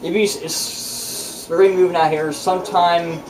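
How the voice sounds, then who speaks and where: A man's voice: sits high, little pitch movement, moderate pace, noisy background. A man rambling through a casual vlog monologue, boastful and profane, full of restarts. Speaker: channel host. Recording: distant mic with loud music behind.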